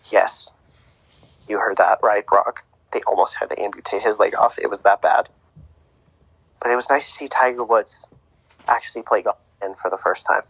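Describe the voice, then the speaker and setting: A man's voice: fairly low pitch, steady tone, normal speed, long pauses, fairly bright tone, slightly rough, no room sound, rough recording. Rambling young man talking sports. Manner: rambling, filler-heavy. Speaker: podcast co-host. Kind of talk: casual sports chat.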